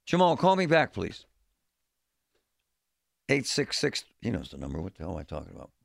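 Radio guy ranting, gravelly voice, folksy and blunt, fed up. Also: sits low, wildly swooping pitch, normal speed, dry recording, clean studio sound. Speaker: radio talk show host. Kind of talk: opinionated talk radio monologue. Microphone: studio microphone.

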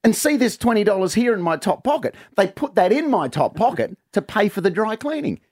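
A man's voice: high voice, big pitch swings, a little fast, a little mellow, voice pushed up, full character voice. A man voicing a drunk, panicky bloke pleading his case. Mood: panicked. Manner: frantic, pleading. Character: drunk panicky bloke in vomit-stained shirt.

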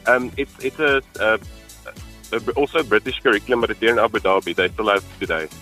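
A man with a South African accent and a low, bright, forceful voice takes part in a radio quiz. He answers politely and hesitantly with many ums, and faint music plays behind him. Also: quick pace. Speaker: quiz contestant and caller.

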